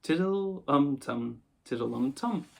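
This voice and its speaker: A man voicing a small, timid young male piglet in a storybook reading, with a high, eager voice. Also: expressive, a little fast, creaky, breathy edge.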